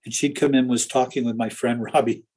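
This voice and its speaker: A man's voice: medium pitch, fairly even intonation, brisk, darkish tone, a little hiss or hum. A man who is a pastor, telling personal stories in an interview in an earnest, anecdotal way. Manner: earnest, anecdotal, with laughs and restarts. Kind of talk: storytelling in an interview.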